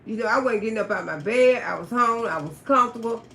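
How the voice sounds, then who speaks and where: A woman telling a personal story on a casual livestream, animated and profane, chatting with viewers by name. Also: on the high side, quick pace, gravelly, reverberant.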